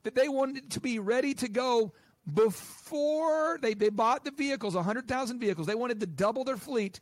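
A man with a notably high voice, fired up and talking in quick, emphatic bursts. He is a guest in an interview, recorded close and dry in a quiet studio. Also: dry recording. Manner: animated, emphatic, rapid-fire. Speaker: guest, business coach and podcast host.

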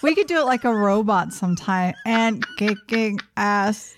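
A woman's voice: mid-range voice, lively intonation, a little slow, slight background noise. A woman in her forties co-hosting a podcast, chatting casually in an easygoing way and laughing readily. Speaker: podcast co-host. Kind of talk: casual chat.

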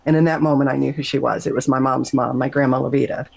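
A middle-aged woman, a nurse, telling an emotional personal story in an interview, animated and emphatic, her voice leaping up whenever she quotes herself. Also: quick pace, creaky, dry recording, poor audio. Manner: animated, emphatic, jumps high when quoting herself. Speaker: guest, nurse.

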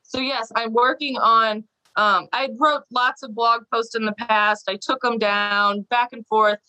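A bubbly woman guest chats on a podcast interview, laughing often and slipping into quoted voices. Her voice sits a little high and rings bright and forward. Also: fairly even intonation, a little slow, poor audio. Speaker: podcast guest, small business owner.

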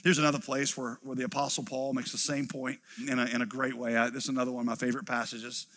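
Animated man preaching in a reverberant hall. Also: medium pitch, quick pace. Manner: animated, acts out quoted voices, drops to quiet emphasis. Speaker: pastor. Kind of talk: sermon.

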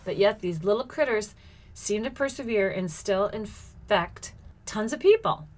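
A woman's voice: medium pitch, animated, unhurried. A middle-aged woman telling a personal story in a casual monologue, laughing often and exclaiming as she acts out what people said.

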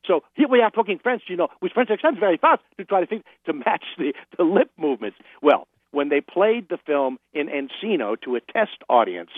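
A man's voice: fairly high pitch, sing-song, brisk, hardly any pauses, dry recording. An older man chatting as a radio guest, telling stories with laughs and restarts. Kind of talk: casual anecdotal interview. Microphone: phone. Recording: phone line.

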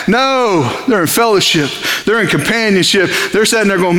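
A man preaching a sermon, reading scripture and acting out the characters' lines with lively swings in his voice. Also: very high voice, normal speed, roomy sound.

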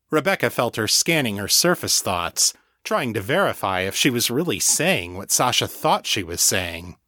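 A man narrating a serial audiobook in a steady, measured way, recorded on a close mic. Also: fairly low pitch, no echo. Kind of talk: scripted narration.

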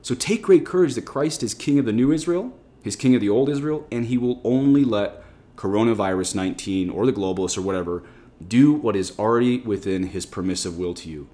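A Catholic priest preaches in a lowish voice, leaning hard on his key words and swinging them up for emphasis. His delivery is a forceful pulpit sermon. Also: a little fast.

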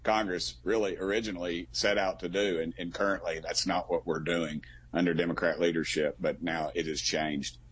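A middle-aged man, a congressman in a political interview, folksy and quick to get worked up. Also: low-pitched, little pitch movement, husky. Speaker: congressman guest.

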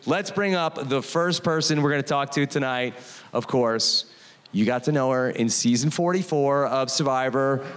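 A man's voice: mid-range voice, moderate pace, smooth. A man hosting a live podcast show on stage, hyping the crowd and then chatting with his guest. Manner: hypes crowd with shouted intros. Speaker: podcast host. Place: live stage before an audience. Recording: live venue with crowd and music.

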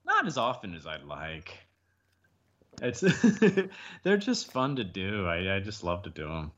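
A man chats as a podcast guest in a low voice that swings widely and sounds bright and forceful. He laughs often and jumps into high cartoon voices. The audio is muffled and lo-fi. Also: wildly swooping pitch, slow pace. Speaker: guest actor. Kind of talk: casual podcast interview. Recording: dull lo-fi call audio.

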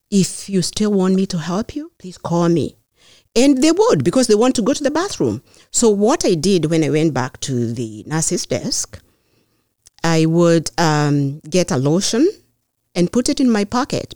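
A middle-aged woman speaks in a lowish, earnest voice, taking her time and pausing to think as she tells her story. The sound is dry and close, with no room around it. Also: dark tone, no room sound. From Kenya. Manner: measured, earnest, pauses with fillers. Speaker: mayoral candidate, guest. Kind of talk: personal storytelling in conversation.

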